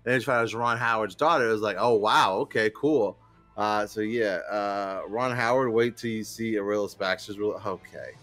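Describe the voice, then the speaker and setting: A man's voice: lowish voice, moderate pace, a bit bright, soft background music. A man co-hosting a gaming podcast, telling a rambling story in casual chat, swearing and acting out quotes. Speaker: podcast co-host.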